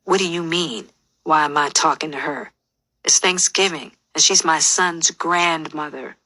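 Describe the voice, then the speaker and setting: A woman's voice: low voice, unhurried, sharp tone, full character voice. A woman reading a stern, cold-voiced man. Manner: curt, clipped, shutting the talk down.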